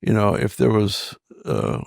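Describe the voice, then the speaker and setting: An older man, a guest pastor, talking haltingly in an interview and often repeating his words. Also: on the low side, very animated, gravelly, dry recording, clean studio sound. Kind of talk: conversational interview.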